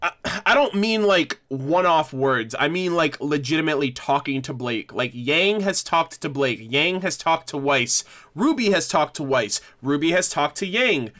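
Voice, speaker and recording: A man's voice: on the high side, expressive, normal speed, few pauses, fairly bright tone. A man hosting a casual livestream discussion, rambling and correcting himself with frequent laughs. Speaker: livestream host.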